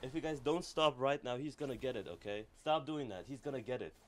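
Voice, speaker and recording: A young man streaming a video game, chatting casually with viewers, excitable, slangy and quick to shout and laugh. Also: medium pitch, a little hiss or hum. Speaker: gaming streamer. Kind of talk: casual livestream chat over gameplay.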